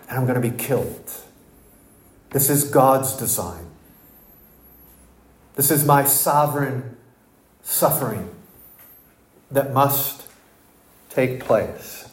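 A man's voice: mid-range voice, reverberant. A man in a sermon speaking as a solemn teacher foretelling his own suffering, earnest and declarative.

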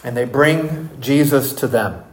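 In an echoey room, a mid-range voice carries an expository sermon. The preacher goes slowly and emphatically, posing rhetorical questions to the congregation.

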